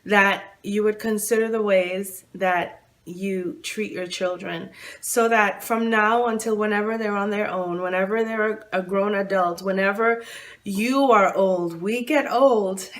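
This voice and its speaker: A woman's voice: medium pitch, fairly even intonation, unhurried. A woman hosting her own channel, talking earnestly about her father, stressing words by repeating them, seated on a couch. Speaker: channel host. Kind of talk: heartfelt personal vlog talk. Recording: distant room sound.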